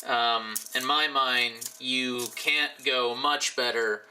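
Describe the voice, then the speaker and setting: A man's voice: medium pitch, pushed and bright, low-quality recording. A tipsy man rambling and joking with profane asides while he draws for his channel. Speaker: YouTuber drawing commissioned art. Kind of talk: casual rambling commentary while drawing.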